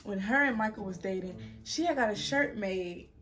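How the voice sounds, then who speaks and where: A young woman in her twenties tells a story straight to her camera in a relaxed vlog. She talks in an animated, slangy way, addressing her viewers directly, with a voice of ordinary pitch. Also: moderate pace. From United States. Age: 20s. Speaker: vlogger.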